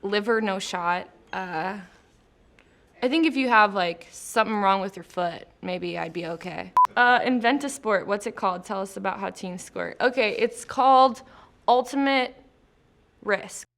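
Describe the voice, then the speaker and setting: Against heavy background noise, a woman with a medium-pitched voice talks unhurriedly in a casual interview at a company studio. A post-production traffic manager appearing as the guest, she laughs easily, uses plenty of fillers and chats about her job between light questions.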